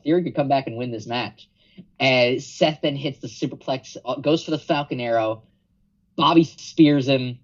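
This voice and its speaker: A man chatting casually on a wrestling podcast, excitable, swearing freely and laughing often. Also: medium pitch, dull audio. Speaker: podcast co-host. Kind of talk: casual wrestling review chat.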